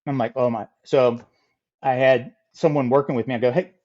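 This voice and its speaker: A middle-aged man telling a funny story as a podcast guest, lively and acting out the people in it. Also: mid-range voice, normal speed, dull audio. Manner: animated, acts out quoted voices. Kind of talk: casual storytelling.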